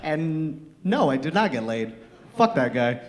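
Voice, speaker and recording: A man's voice: a little high, big pitch swings, unhurried, heavy background noise. A man doing a brash, crude stand-up comedy set on a comedy club stage, laughing at his own jokes.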